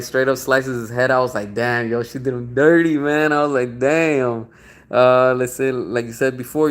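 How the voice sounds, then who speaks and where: A young man hosting a casual livestream, reading viewer comments aloud and reacting in an excitable, slangy way, swearing freely. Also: mid-range voice. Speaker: livestream host.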